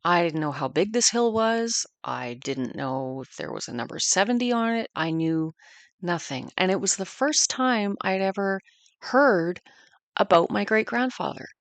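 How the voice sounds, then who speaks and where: A woman's voice: mid-range voice, expressive, measured pace, no echo. A woman in her fifties narrating a family war history in an earnest, reflective way. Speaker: podcast narrator.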